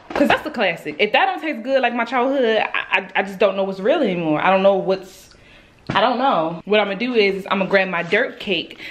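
Sassy woman in her twenties, chatty vlogger, animated pitch, talks straight to viewers. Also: slight background noise. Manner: sassy, chatty, addresses viewers as y'all and boo. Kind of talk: casual food-challenge vlog.

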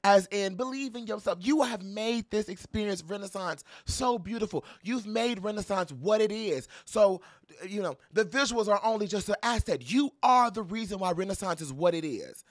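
A young adult man giving playful, sassy pop culture commentary to camera, dramatic and full of mock quotes and quick laughs. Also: sits high, expressive, no room sound, studio quality. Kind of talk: animated casual commentary to camera.

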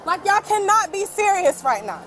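Furious young woman yelling at police. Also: extremely high pitch, sing-song, moderate pace. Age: late teens. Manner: shouting, swearing, indignant. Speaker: arrested driver. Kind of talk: heated argument with police. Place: street at a traffic stop, outdoors. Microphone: police bodycam. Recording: bodycam audio with music and crowd noise.

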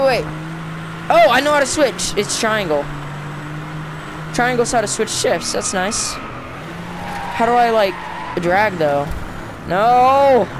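An unhurried, drawn-out voice narrates a racing game as they play, swinging from frustrated yelps to grumbling asides. The pitch sits mid-range for the speaker. Loud car engine noise from the game runs under everything. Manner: excitable, swings between frustrated outbursts and muttering. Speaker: gaming channel host. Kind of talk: casual gameplay commentary. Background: car engine and race sounds from the game.

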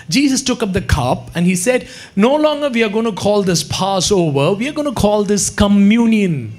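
Animated high-voiced male preacher. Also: moderate pace, hardly any pauses. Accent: Indian English. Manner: animated preaching, acts out quotes, sudden shouts. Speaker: pastor. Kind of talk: sermon. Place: church hall.

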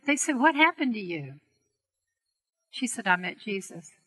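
Middle-aged woman telling a healing story, bright voice, kinda breathy, soft and earnest. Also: medium pitch, big pitch swings, measured pace, poor audio. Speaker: healing prayer teacher. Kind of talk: storytelling talk to a seminar audience.

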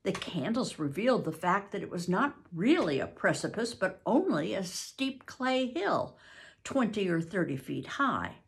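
An older woman reads a classic novel aloud, taking her time. Her pitch rises and falls in a lively storytelling way. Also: creaky. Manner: slow, expressive storytelling. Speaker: reader.

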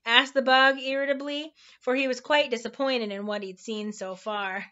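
A woman with a somewhat high voice reads a children's novel aloud at home, relaxed and unpolished, stumbling over the odd tricky word. The recording sounds dull and lo-fi. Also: normal speed, few pauses. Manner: informal, stumbles over hard words and laughs at slips. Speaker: storybook reader.

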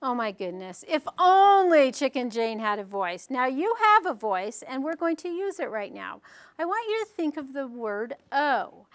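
A woman presenting a storytelling workshop, explaining ideas to a group in a friendly, encouraging way. Her voice sits high. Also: big pitch swings, moderate pace, a little hiss or hum.

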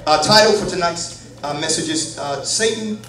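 Preacher guy in a big echoey church, bit high voice, crowd answering him, jokes then shouts. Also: moderate pace, recorded from a distance. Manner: swings from quiet asides to shouted praise; folksy and joking with the congregation. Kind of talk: live church sermon with call and response. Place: large church hall with congregation. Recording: echoey hall, crowd, from off-mic. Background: congregation responding.

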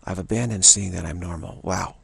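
With no room sound on the recording, a man's gravelly, husky voice sits low as he teaches. His dharma talk is slow and repetitive, full of restarts and a gently chanted "wow" refrain.

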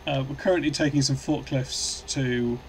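A man's voice: mid-range voice, steady tone, normal speed, slight background noise, poor audio. A man streaming a truck game live, answering chat in a rambling, good-humoured way with many restarts.

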